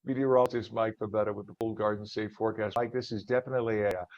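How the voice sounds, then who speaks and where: A man's voice: lowish voice, fairly even intonation, very fast, darkish tone, no room sound. A man hosting a live morning news and talk show, chatty and upbeat. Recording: dull, dry studio sound.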